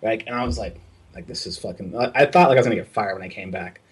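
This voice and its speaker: Husky young man telling a lively story. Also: fairly low pitch, fast. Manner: animated, swearing, acts out quoted dialogue. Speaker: artist recalling working abroad. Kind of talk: casual storytelling chat.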